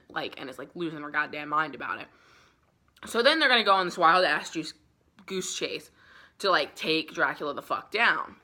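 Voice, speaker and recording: Bright-voiced young woman ranting about books. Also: sits low, animated, brisk. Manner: chatty, profane, filler-heavy storytelling. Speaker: book vlogger. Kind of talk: casual book summary vlog.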